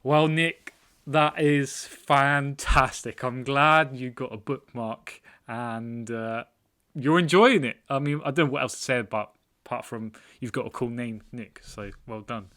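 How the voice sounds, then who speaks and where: A man's voice: medium pitch, measured pace, a bit bright. A man hosting his own channel, answering viewer comments in a casual, self-deprecating chat and laughing often. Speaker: trading card collector channel host.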